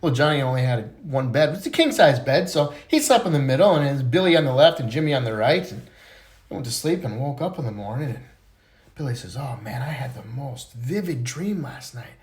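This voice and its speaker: A man's voice: medium pitch, expressive, fast talker. A man telling a string of jokes, voicing the characters and laughing at his own punchlines. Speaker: joke teller.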